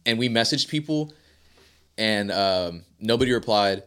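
A young man on a casual podcast, telling a story in a rapid, profane, animated way. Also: on the low side. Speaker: podcast co-host.

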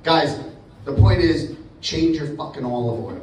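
A man's voice: fairly high pitch, measured pace. A man from Boston doing a profane stand-up comedy set, often laughing at his own jokes. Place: comedy club stage with live crowd. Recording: echoey, distant, noisy room recording.

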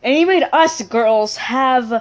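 A woman's voice: sits high, animated, slow. A woman casually telling a funny personal story, giggling often and correcting herself as she rambles along. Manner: giggly, keeps breaking into laughter; rambling, self-correcting asides.

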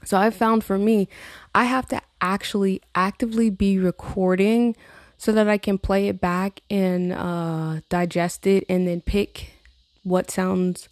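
A woman's voice: mid-range voice, steady tone, a little slow, darkish tone, no room sound. A woman, rambling in a casual vlog about her songwriting, swearing and laughing often. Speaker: songwriter vlogger. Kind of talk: casual chat to camera.

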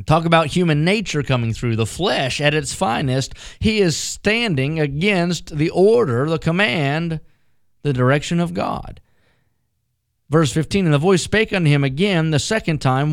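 Emphatic folksy preacher, dry sound. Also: male voice, fairly high pitch, animated, normal speed, no room sound. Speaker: pastor. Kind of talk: radio sermon.

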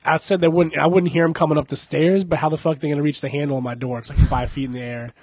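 A man's voice: on the high side, steady tone, fast talker, a little mellow, slightly rough, dry recording. A young adult man hosting a casual podcast, joking, cursing and laughing a lot. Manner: profane, joking, laughs often. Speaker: podcast host.

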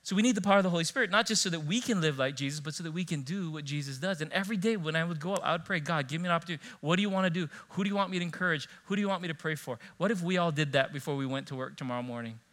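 A man preaching a sermon as pastor, telling personal stories in an animated way and acting out the dialogue. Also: fairly high pitch, very fast, few pauses. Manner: animated storytelling, acting out dialogue, frequent laughs.

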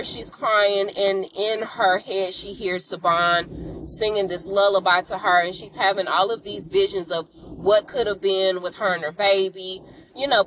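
A woman talks through a TV episode like she's catching up a friend, tossing in sassy asides and calling out to her listeners. Her voice sits at an everyday middle pitch. She keeps it loose and conversational from start to finish. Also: fairly bright tone, slight background noise, rough recording. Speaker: podcast host. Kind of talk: casual TV episode recap.

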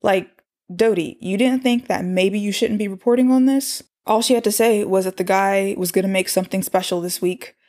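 A woman's voice: mid-range voice, normal speed, a little mellow. A woman chattily recapping a cartoon episode, with exasperated asides. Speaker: show recapper. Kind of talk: casual recap and commentary.

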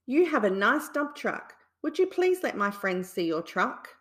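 A woman's voice: fairly high pitch, sing-song, a little slow, a bit bright. A woman voicing a cheerful little male farm pig in a bedtime story, squealing with glee. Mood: gleeful. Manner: squealing, gleeful.

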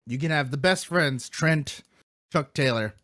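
A man hosting a podcast in casual chat, excitable, rambling and playfully brash, eating while he talks. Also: a little high, a little slow, dry recording, studio quality. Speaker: podcast host.

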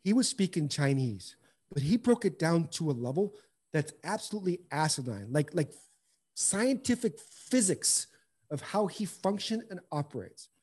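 A man with a voice pitched high for his sex tells stories in a loose, casual chat. He is blunt and emphatic, with slangy phrasing and words doubled up for stress. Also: very animated, moderate pace, darkish tone, breathy edge. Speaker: former baseball player as guest.

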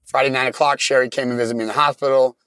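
Guy telling his own story, mid pitch, dry close sound, halting, lots of restarts. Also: fairly even intonation, a bit bright, smooth, no room sound. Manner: plain, halting retelling with many restarts. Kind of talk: personal story told in casual talk.

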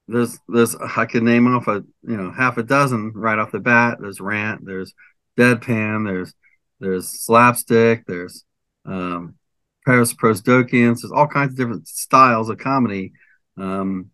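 A man's voice: fairly low pitch, bright, forceful tone, dry recording. An older man, a comedian guest, chatting casually in an interview with a rambling, hesitant manner. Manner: rambling, hesitant, lists things with many fillers.

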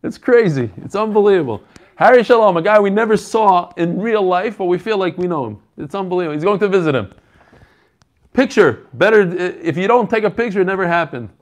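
Running an online learning group over video, this man talks in an animated, slightly fast voice that sits high. He keeps things casual, joking around and saying hello to members by name.

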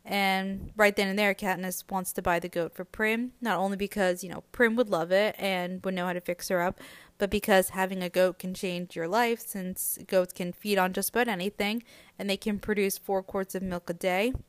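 A woman's voice: medium pitch, fairly even intonation, normal speed, clear, resonant tone, no echo. A woman hosting a podcast, recapping a book in a chatty, conversational way.

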